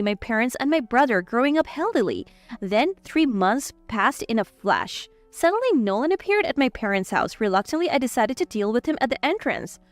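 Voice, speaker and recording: Woman narrator for a scripted drama story, high and animated, dry close read. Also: no room sound. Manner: lively, cold when retorting.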